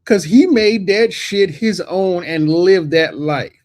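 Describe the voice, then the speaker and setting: A man's voice: high voice, slow pace, a little mellow. A man co-hosting a wrestling podcast, talking casually in rambling runs with repeated restarts. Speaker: podcast co-host. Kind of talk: casual wrestling debate chat.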